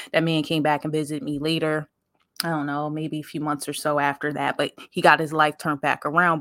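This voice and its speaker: A woman's voice: low voice, fairly bright tone, no room sound, clean studio sound. A woman podcast host speaking, telling a story in a conversational, emphatic, faith-filled way and talking straight to her listeners. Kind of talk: casual storytelling monologue.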